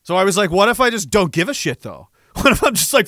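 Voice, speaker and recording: A man's voice: high voice, expressive, moderate pace, pushed and bright, no echo, studio quality. A man in his twenties, a military veteran, casually telling a profane, self-mocking story and laughing often.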